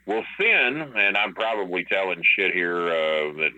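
Male podcast guest with a low, bright, forceful voice, swearing freely and rambling through a backstage story, slightly muffled audio. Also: sing-song, measured pace. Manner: profane, rambling, with many fillers. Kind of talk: casual storytelling.

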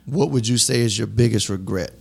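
Mężczyzna prowadzący wywiad, z nieco niskim, chropawym głosem, zadaje pytania swobodnym tonem. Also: male voice, fairly low pitch, fairly quick, vocal fry, breathy edge. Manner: prompting, short affirmations. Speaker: interviewer, host. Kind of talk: conversational interview.

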